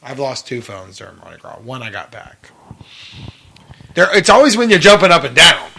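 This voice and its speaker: A man's voice: mid-range voice, sing-song, moderate pace, sharp tone, slightly rough. A man co-hosting a podcast in casual chat, blunt and profane, chiming in with his own stories. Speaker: podcast co-host.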